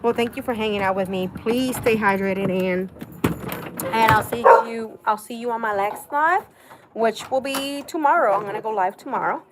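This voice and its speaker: A woman's voice: fairly high pitch, moderate pace, very noisy. A woman, chatting casually and cheerfully with viewers on a live stream. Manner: chatty and upbeat, talks straight to viewers. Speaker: crafts livestreamer. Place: home, walking outdoors to a chicken coop.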